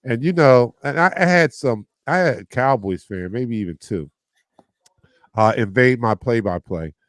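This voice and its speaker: A man's voice: medium pitch, lively intonation, moderate pace, no room sound. A man hosts a casual sports podcast and keeps breaking into laughter as he acts out his own remarks. His voice sits in an ordinary middle register. The sound is dry and close, with no room around it. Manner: laughs often, quotes himself. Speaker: podcast host.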